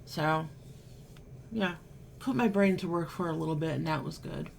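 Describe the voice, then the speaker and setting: A woman's voice: low voice, normal speed, gravelly, a little hiss or hum. Chatty, sarcastic woman vlogger. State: still feeling unwell. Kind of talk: casual storytelling to camera.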